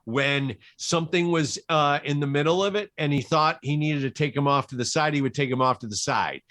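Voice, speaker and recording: A man, a cinematographer guest in an interview, telling anecdotes from film sets in a relaxed, animated way. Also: fairly high pitch, fairly quick. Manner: animated, quotes people in his stories.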